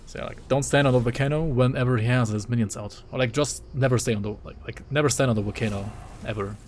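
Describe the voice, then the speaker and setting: A man's voice: medium pitch, fast talker, a little hiss or hum. A man streaming a game, chatting casually with viewers, full of filler words and tag questions. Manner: laid-back, lots of likes and rights. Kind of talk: casual gameplay commentary.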